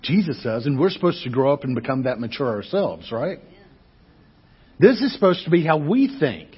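A man with a very husky, raspy voice preaches a sermon, his pitch swinging widely as he asks his listeners question after question. The recording sounds dull and lo-fi. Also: normal speed. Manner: animated, conversational preaching with rhetorical questions. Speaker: pastor.

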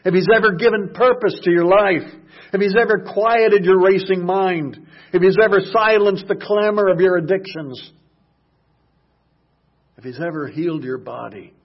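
A man preaching a sermon, dropping to hushed murmurs and rising to loud shouted passages. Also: high-pitched, normal speed, muffled recording.

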